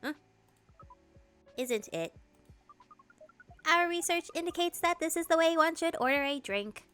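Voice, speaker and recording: A woman's voice: extremely high pitch, expressive, a little slow, sharp tone, soft background music, voice pushed up, heavily acted. A woman voicing a formal, curious alien visitor with a robotic-sounding voice, reading game dialogue. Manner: formal, literal, precise phrasing. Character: stiff, curious alien visitor learning Earth ways. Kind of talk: game dialogue read-through.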